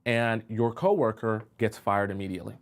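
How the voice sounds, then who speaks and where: A male dating coach speaks live to viewers in a streamed advice talk, explaining his points and frequently checking in with his audience. His voice is on the low side and his speed normal.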